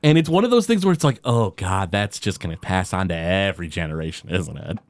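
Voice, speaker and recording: Animated man retelling a cartoon plot. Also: low-pitched, no room sound. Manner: animated retelling with lots of restarts and quick paraphrased quotes. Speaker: podcast co-host recapping a cartoon episode. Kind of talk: casual chat.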